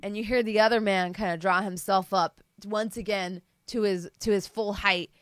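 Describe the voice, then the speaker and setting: A woman's voice: mid-range voice, steady tone, moderate pace, no room sound, clean studio sound. A woman running a tabletop game as game master, narrating playfully and laughing along with her players.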